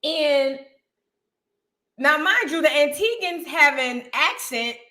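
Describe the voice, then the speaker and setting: A woman, co-hosting a chat show and telling stories in an animated, slangy way. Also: high-pitched, slow. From United States. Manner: animated, slangy, repeats phrases for emphasis. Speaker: podcast co-host. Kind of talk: casual storytelling chat.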